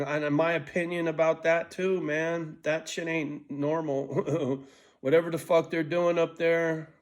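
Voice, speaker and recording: A man of sixty rambling through a profane vlog monologue, restarting and jumping between thoughts. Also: fairly high pitch. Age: 60s. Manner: restless, frequent restarts and stumbles. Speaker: vlogger.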